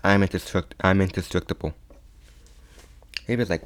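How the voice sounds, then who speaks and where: A young man telling a fan story in a loose, unscripted way. His voice sits a little low, and he keeps stopping, repeating words and starting over. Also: darkish tone. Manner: halting, many restarts and repeats. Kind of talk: casual retelling of a fan story.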